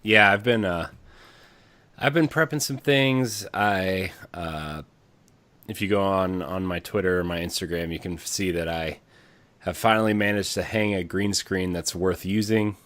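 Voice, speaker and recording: A man's voice: low voice, measured pace, a bit bright, dry recording. A man hosting a casual podcast, talking loosely with lots of fillers and restarts. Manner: rambling with many fillers and restarts. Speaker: podcast host.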